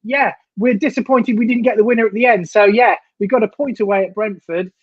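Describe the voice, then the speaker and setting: A man's voice: sits high, fairly even intonation, fairly quick, no room sound, highs cut off. Chatty, jokey man on a fan stream. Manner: chatty, jokey, drops in slang. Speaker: co-host of a football fan stream. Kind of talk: casual live stream reaction chat.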